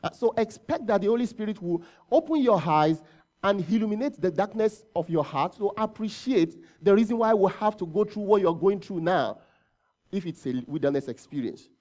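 A man's voice: high voice, lively intonation, normal speed, darkish tone. A man preaching a sermon in a conversational way, asking rhetorical questions and often correcting himself mid-phrase. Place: church service.

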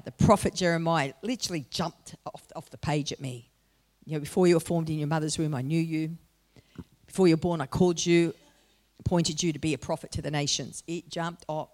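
Speaking to a congregation, a middle-aged woman with a mid-range voice delivers a sermon. She begins with personal storytelling and builds to loud, forceful exhortation.

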